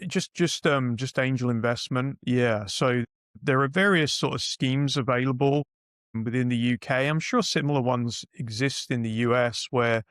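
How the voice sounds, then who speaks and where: A man's voice: medium pitch, moderate pace, a bit bright, dry recording, studio quality. A middle-aged British man, a podcast guest, telling business anecdotes in a casual, rambling way with frequent restarts. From United Kingdom. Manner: rambling, self-correcting anecdotes. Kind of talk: casual interview storytelling.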